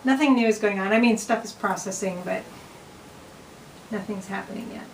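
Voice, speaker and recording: A middle-aged woman vlogger chats casually to the camera in her home, rambling with lots of ums and restarts. Her voice is medium-pitched at a normal pace, with background noise behind it.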